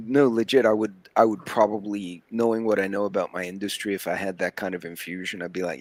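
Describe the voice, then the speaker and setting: A man's voice: sits low, fairly quick, hardly any pauses, no echo. A man chatting casually on a livestream panel, explaining at length in a laid-back, rambling way. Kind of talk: casual chat.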